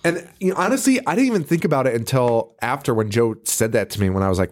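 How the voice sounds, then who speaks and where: A man's voice: mid-range voice, animated, fast talker, few pauses. A man co-hosting a podcast, casually recapping a horror movie, swearing often and laughing as he acts out characters' lines. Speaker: podcast co-host.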